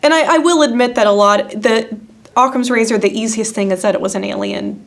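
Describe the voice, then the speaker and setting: Woman podcast co-host, slightly high voice, sarcastic skeptic, chatty. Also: brisk, gravelly. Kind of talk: casual chat.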